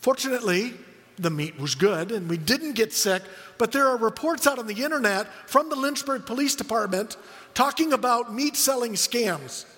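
High bright-voiced male pastor preaching. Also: moderate pace, in a large hall. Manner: storytelling, animated quoted voices. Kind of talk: sermon.

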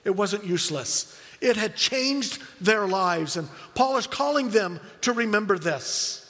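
A middle-aged man preaching a sermon as a pastor, telling stories with animated quoted voices. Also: high-pitched, unhurried, in a large hall.

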